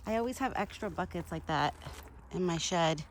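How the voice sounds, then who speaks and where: A woman talks into her phone outdoors, chatty and bubbly, laughing easily and a little out of breath. Her voice sits on the low side. A faint outdoor hum runs under her. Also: lively intonation, normal speed. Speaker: vlogger feeding a deer. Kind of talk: casual outdoor vlog. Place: outdoors in a yard.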